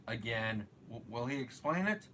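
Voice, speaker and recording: A man's voice: mid-range voice, lively intonation, moderate pace, a bit bright, slight background noise. A man hosting a live show, chatting casually and hesitantly, trailing off and restarting his sentences. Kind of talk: casual rambling commentary.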